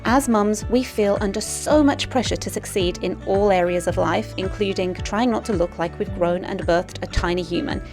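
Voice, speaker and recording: A woman's voice: medium pitch, normal speed, few pauses, over music. A woman hosting a podcast, moving from a scripted welcome into casual, encouraging chat with her guest. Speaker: podcast host.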